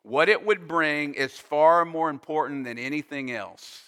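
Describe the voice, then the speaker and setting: Slow, bright-voiced preacher in a hall. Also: male voice, a little high, smooth. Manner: slow, emphatic preaching with explanatory asides. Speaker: pastor. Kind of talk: sermon. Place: church sanctuary. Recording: long reverb of a hall.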